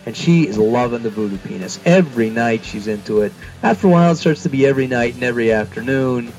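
A man's voice: medium pitch, fast, soft background music, low-quality recording. A man co-hosting a casual talk podcast, telling a long joke and jumping into little character voices. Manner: animated storyteller, jumps into character voices. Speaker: podcast co-host.

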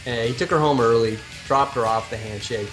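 A man's voice: medium pitch, fairly quick, music in the background. A man co-hosting a podcast, chatting casually and telling a joke in a playful way. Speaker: podcast co-host.

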